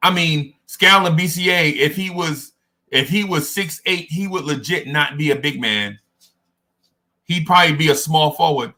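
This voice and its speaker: A man hosting a podcast, chatting casually about sports in an animated, digressive storytelling way. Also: a little high, moderate pace. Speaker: podcast host.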